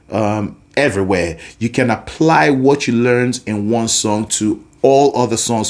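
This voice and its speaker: A man teaching a singing lesson, explaining patiently and breaking into sung examples. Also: mid-range voice. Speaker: vocal coach.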